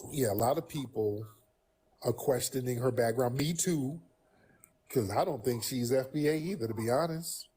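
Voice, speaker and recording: Husky, blunt male livestream host. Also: medium pitch, moderate pace. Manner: blunt, profane, animated. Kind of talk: casual call-in livestream commentary.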